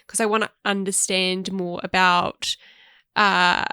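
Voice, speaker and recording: A woman's voice: mid-range voice, level tone, slow, pushed and bright, clean tone, no room sound. A woman co-hosting a podcast in casual chat, laughing often and hedging her opinions. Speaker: podcast co-host.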